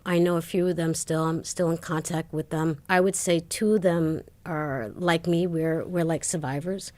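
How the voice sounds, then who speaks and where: A middle-aged woman being interviewed, telling her life story with animated retellings of dialogue and frequent laughter. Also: deep voice, moderate pace. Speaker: interview guest.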